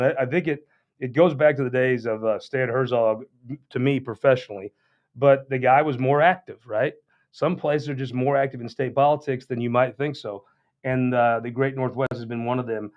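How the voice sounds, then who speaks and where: Rambling folksy man hosting. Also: medium pitch. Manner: rambling, folksy, restarts often. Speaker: political show host. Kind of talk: casual on-air monologue. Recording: dull lo-fi sound.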